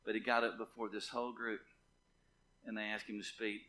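A man's voice: lowish voice, flat delivery, fairly quick, pauses often, pushed and bright. A male pastor preaching a fervent sermon in a church, driving his points home with insistent repetition. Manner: impassioned, repetitive preaching with rising and falling intensity. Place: church sanctuary.

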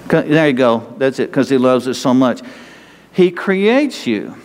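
North Texas pastor preaching in a reverberant church. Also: male voice, medium pitch, unhurried. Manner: animated, conversational preaching with rhetorical questions. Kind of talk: sermon.

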